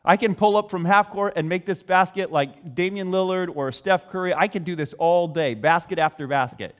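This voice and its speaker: A man acting out a bragging show-off who keeps offering to repeat his feats. The voice is fairly high for a man. It sounds boastful and sits in a long-reverb hall. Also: normal speed, natural voice. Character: boastful imagined man showing off miracles.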